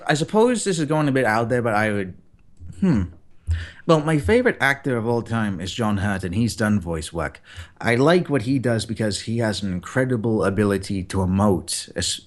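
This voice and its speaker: A man with a somewhat low voice, chatting as a guest about his craft. He talks with lively energy and slips into short performed lines to make his points. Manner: animated, acts out example lines. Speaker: guest voice actor. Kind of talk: casual interview chat.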